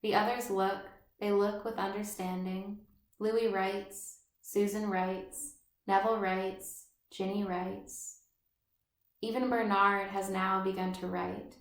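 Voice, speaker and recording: A woman reading the part of a timid, frightened, dreamy schoolgirl in measured literary narration. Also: medium pitch, little pitch movement. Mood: fearful. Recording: roomy echo.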